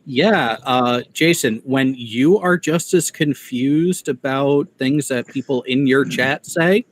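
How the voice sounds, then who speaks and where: A man's voice: medium pitch, slow pace, a little hiss or hum. A man from the Midwest hosting a casual commentary chat, explaining things in a wry, playfully mocking way. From Midwest United States. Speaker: commentary show host.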